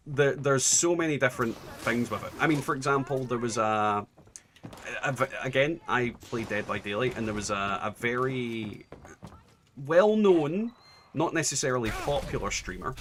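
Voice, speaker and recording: A man's voice: medium pitch, normal speed, fairly bright tone. A young adult man streaming a game, chatting casually and ranting with lots of swearing and restarts. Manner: ranting, profane, many restarts. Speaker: gaming streamer. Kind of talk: casual chat while gaming.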